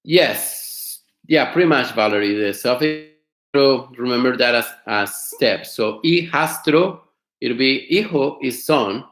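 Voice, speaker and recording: A man teaching an online class, explaining words slowly, repeating them and asking his students questions. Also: medium pitch, lively intonation, a bit bright, roomy sound. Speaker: Spanish teacher. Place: home studio.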